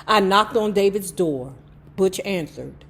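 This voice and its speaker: A woman's voice: mid-range voice, measured pace. A woman reading a memoir aloud to her viewers and breaking off for blunt, profane commentary. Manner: blunt, profane, animated asides. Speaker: YouTube host reading a memoir.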